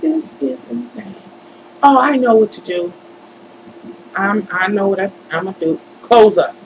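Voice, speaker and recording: A woman's voice: medium pitch, normal speed, slight background noise, rough recording. A woman hosting a tarot livestream, frustrated and fussing and muttering to herself as she talks to her viewers. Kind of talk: live-stream chat.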